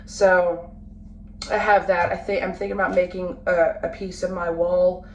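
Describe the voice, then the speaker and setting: A woman in her late twenties, a family vlogger talking casually to the camera at home, halting and full of fillers and restarts. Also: on the low side, level tone, dull audio. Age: late 20s. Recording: roomy, from a distance, faint background noise.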